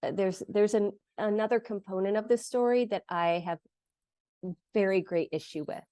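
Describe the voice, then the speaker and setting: A woman's voice: mid-range voice, fairly even intonation, moderate pace, mellow, smooth, no room sound, studio quality. A woman co-hosting a podcast, easygoing and supportive, starting to tell a story in casual chat. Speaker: podcast co-host.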